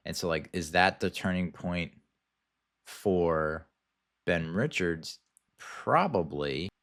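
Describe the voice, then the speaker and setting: Deep-voiced guy on his film podcast, rambling review, keeps restarting, swears a bit. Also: fairly bright tone. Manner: rambling, hesitant, many restarts and fillers; casual, swears. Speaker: podcast host. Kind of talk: casual film review monologue.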